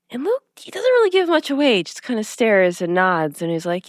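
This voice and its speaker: A woman's voice: mid-range voice, no echo, clean studio sound. A woman co-hosting a podcast, casually recapping a TV episode and acting out the characters' lines as she goes. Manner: animated retelling, acting out scenes with quick voice shifts. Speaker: podcast co-host.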